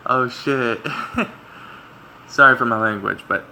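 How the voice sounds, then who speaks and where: Low gravelly guy reading a visual novel out loud, rambly asides, ac humming behind. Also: takes it slowly, a little hiss or hum, poor audio. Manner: rambling, self-correcting, chatty asides to viewers. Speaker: let's play gamer. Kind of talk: reading a visual novel aloud with casual commentary.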